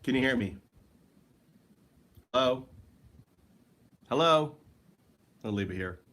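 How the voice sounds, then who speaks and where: This livestream host speaks slowly in a mid-range, somewhat bright voice full of expression. Alone at home, he meanders through loose, casual talk, joking wryly and addressing someone who never answers.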